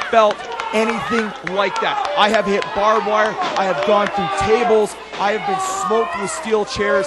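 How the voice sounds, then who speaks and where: A man, a wrestler loudly and excitably calling his own match in boastful play-by-play. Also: high-pitched. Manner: loud, excitable, boastful, shouting. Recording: loud arena crowd behind.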